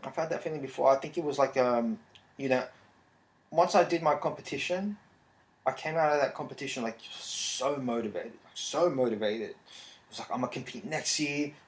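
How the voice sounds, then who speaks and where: Brief: man, 30s, podcast host, rambling and relaxed, mid pitch, echoey room. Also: moderate pace. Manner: rambling, relaxed, frequent fillers. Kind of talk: casual solo podcast talk. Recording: roomy echo.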